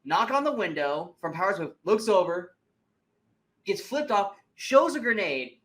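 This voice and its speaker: A man co-hosting a movie review podcast, chatting casually in an animated, profane way and acting out scenes in mocking voices. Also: high-pitched, measured pace. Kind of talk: casual chat.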